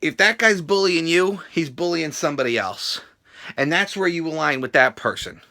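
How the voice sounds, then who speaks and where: Brief: profane vlogger man, raised pitch, gravelly edge, animated wrestling-fan bluster. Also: normal speed. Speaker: YouTube vlogger. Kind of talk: casual Q&A vlog.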